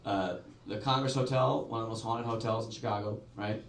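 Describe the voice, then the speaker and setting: Low-ish, creaky and a little fast, this voice comes from a comedian in his forties doing a club stand-up set, with a little hiss or hum. He animates his stories by acting out voices, recorded at a distance in an echoey room with the crowd.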